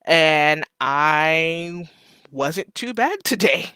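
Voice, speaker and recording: A man hosts a live stream, talking loosely through viewer comments with plenty of fillers. His voice is bright and crisp, recorded dry and close with no room sound. He is emotional and keeps fighting back tears. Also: on the high side, expressive, drawn-out words, no room sound. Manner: loose and rambling with many fillers. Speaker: livestream host. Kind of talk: casual live chat, reading viewer comments.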